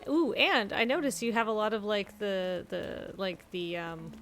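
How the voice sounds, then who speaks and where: Woman host gushing over stuff, kinda gravelly voice, faint game music behind. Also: medium pitch, lively intonation, unhurried, fairly bright tone. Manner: enthusiastic, gasps often. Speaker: stream host. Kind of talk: casual chat.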